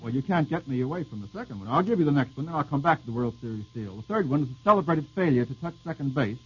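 A man's voice: medium pitch, animated, fairly bright tone, slightly rough. A man hosting an old-time radio quiz show, bantering wryly with the panel and reading out listeners' questions. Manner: wry, bantering, quick with jokes. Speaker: quizmaster host. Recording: dull lo-fi old radio broadcast.

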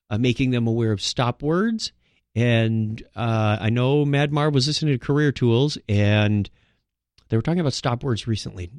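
A man's voice: medium pitch, no echo, studio quality. A man hosting a solo podcast, talking casually and rambling, with frequent restarts. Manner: rambling, with many restarts and filler words. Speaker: podcast host.

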